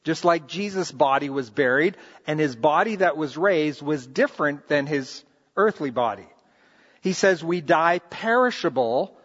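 A middle-aged man preaching a sermon as a pastor, earnest and animated, often restarting his phrases. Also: a little high. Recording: reverberant hall, muffled lo-fi sound.

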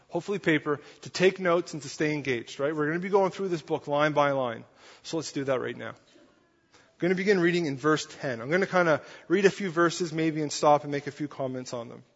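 A man with a higher, slightly husky voice preaches a sermon in a church sanctuary. He keeps an earnest, conversational manner, checking in often with the congregation. The sound is muffled and carries a long, echoing hall reverb. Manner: earnest, conversational preaching with frequent "right?" and "okay?". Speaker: pastor.

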